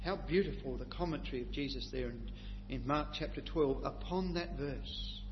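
A man preaching a sermon with passion, moving between quiet reflection and loud, emphatic declarations. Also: mid-range voice, moderate pace. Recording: lo-fi recording in a reverberant hall, faint hum.

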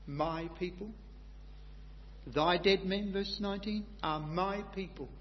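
A high-pitched man delivering a sermon, one moment soft and reflective, the next loud and emphatic. The recording is dull and lo-fi with a faint hum, and the voice carries a long hall reverb. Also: unhurried. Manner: impassioned, swings between quiet reflection and loud emphatic declaration. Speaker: preacher.

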